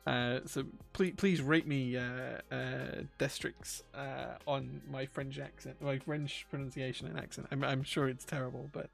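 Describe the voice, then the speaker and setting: A man's voice: mid-range voice, fairly even intonation, slow pace, vocal fry, fairly bright tone, soft background music. A man, chatting casually on a live stream while he builds a keyboard. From England. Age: 40s. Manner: chatty, self-deprecating, reads chat aloud.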